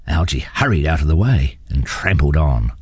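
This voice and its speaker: A man reading a children's story aloud with expressive delivery. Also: a bass voice, moderate pace, slightly rough, no room sound, clean studio sound. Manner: expressive, animated.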